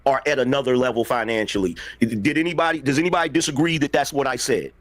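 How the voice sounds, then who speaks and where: A man's voice: medium pitch, fast, no echo. Insistent man defending his point, dry sound. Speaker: panel guest. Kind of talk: live panel debate.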